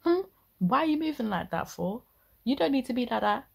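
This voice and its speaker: A woman's voice: on the high side, animated, fairly quick, vocal fry, slightly rough. A young woman ranting indignantly in casual reaction commentary, full of slang. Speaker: reaction video host.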